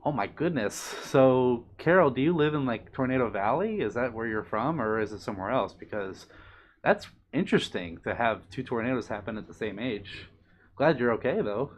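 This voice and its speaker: Young man streaming, reads chat aloud, gentle and apologetic, faint hiss behind. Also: mid-range voice, lively intonation, moderate pace. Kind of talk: casual live-stream chat.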